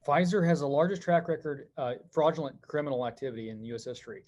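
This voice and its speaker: A middle-aged man telling stories as a podcast guest, animated and quick, with many fillers. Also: a little high, highs cut off. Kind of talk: conversational podcast interview.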